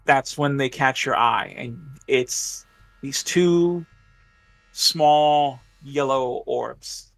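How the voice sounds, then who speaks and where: A man narrating a tabletop game as game master, halting and full of fillers, going hushed for suspense. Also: mid-range voice, vocal fry.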